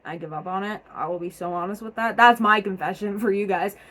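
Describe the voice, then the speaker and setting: Energetic young woman reading viewer stories. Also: mid-range voice, brisk. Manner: energetic and chatty, with many fillers. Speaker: vlogger reading submitted stories. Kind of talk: casual chat, reading aloud.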